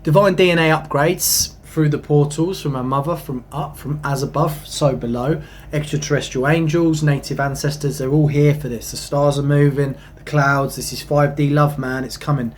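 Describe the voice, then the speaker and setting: Young guy ranting about spiritual stuff, kinda high voice, gets loud then goes quiet, swears a lot. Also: normal speed, slight background noise. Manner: excitable, swings from hushed to emphatic, swears casually. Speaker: spiritual channel host. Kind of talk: rambling spiritual monologue.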